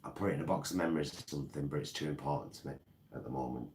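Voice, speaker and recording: Very deep-voiced chatty man. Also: very fast, darkish tone, slight background noise. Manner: rambling, chatty, reads out viewer comments. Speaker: vlogger. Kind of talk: live chat with viewers.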